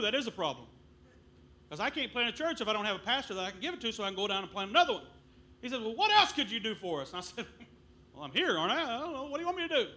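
A middle-aged man preaching a sermon as a missionary, telling stories with loud bursts. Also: high-pitched. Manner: animated storytelling with loud bursts.

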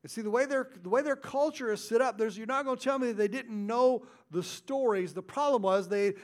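A man preaching a sermon as pastor, his delivery swinging between loud stresses and hushed, intimate asides. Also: sits high.

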